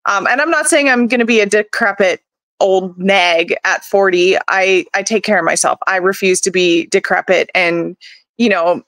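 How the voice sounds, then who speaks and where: Clear-voiced frank woman in her thirties. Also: mid-range voice, normal speed, fairly bright tone, dry recording. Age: 30s. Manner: frank and determined, plainspoken. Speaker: podcast guest, oilfield rig mover. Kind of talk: casual interview chat.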